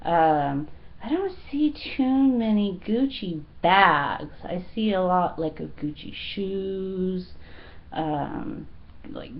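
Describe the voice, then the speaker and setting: A woman's voice: lowish voice, lively intonation, takes it slowly, highs cut off. A woman in her thirties chatting casually to her viewers, giggly and full of fillers. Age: 30s. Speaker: fashion vlogger. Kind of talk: casual chat.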